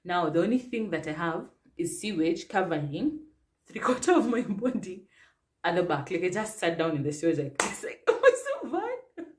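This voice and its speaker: Kenyan woman vlogger, young, slightly low voice, lively casual storytelling. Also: moderate pace, background noise. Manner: chatty, animated, filler-heavy.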